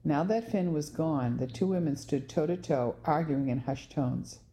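Low-voiced woman narrating a novel. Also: moderate pace, mellow, a little hiss or hum. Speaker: audiobook narrator. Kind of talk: first-person novel narration.

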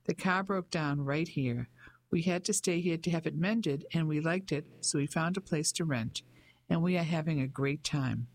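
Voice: medium pitch, normal speed, no echo, close to an everyday voice. A narrator doing a cheerful middle-aged English woman.

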